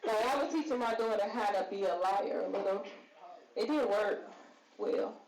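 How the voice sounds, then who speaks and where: A woman's voice: medium pitch, moderate pace. Brash woman doing open-mic stand-up. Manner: brash, profane, crowd-teasing; laughs through her own jokes. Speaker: stand-up comedian. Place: comedy club with a crowd. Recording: echoey room with loud crowd.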